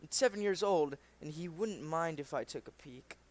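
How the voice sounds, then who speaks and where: An earnest, curious young gentleman, thoughtful and sincere, as a man reading a comic aloud puts him on. His voice sits a little high for a man. He muses steadily over what he has found. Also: expressive, moderate pace, close to an everyday voice.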